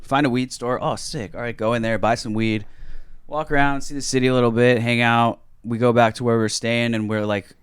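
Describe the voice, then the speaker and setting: A young man from California, a podcast co-host, telling a story in a casual, animated, heavily profane way on a close mic. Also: mid-range voice, fairly quick, smooth, dry recording.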